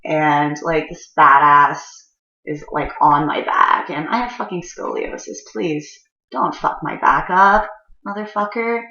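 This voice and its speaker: Woman storyteller, casual and foul-mouthed, rambling; low voice with a tense edge, slightly muffled roomy recording. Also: fairly even intonation, unhurried, gravelly, bright, forceful tone. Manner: profane, rambling, frequent fillers.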